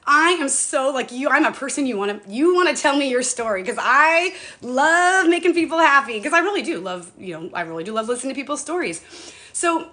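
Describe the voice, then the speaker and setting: A woman's voice: high voice, animated, brisk, bright, forceful tone. A middle-aged woman chatting casually on a home live stream, bubbly and talkative, greeting viewers by name.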